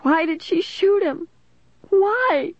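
A reader voicing a teenage girl who fakes grief, wailing and sobbing in a high voice. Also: expressive, takes it slowly, dry recording, dull audio, full character voice.

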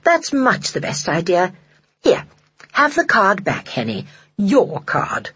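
A storyteller voicing Mary, a polite, generous and rather proper woman who speaks briskly and sounds a little fussy, in a husky voice. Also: medium pitch, huge pitch swings, bright, forceful tone, lo-fi sound, heavily acted.

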